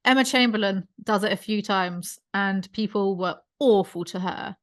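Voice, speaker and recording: A woman's voice: mid-range voice, normal speed. Woman, podcast host, casual chat, opinionated rant, mid-range voice. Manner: ranting, opinionated, self-aware about vocal fry.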